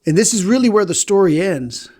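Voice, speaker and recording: A man with a fairly high voice hosts a podcast and retells a Bible story in a loose, conversational way. He slips into the characters' words, giving their lines as he tells it. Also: animated, brisk, mellow.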